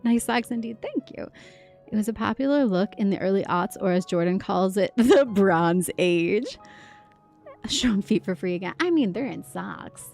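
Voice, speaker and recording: A woman's voice: mid-range voice, brisk, gravelly, hardly any pauses, a little mellow, faint music behind. A woman game streamer chatting casually on a livestream, giggling often and reacting to chat messages.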